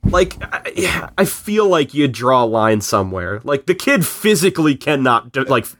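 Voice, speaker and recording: Bright-voiced man recapping a film. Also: medium pitch, no echo. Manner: animated storytelling with quick character quotes. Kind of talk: casual podcast chat.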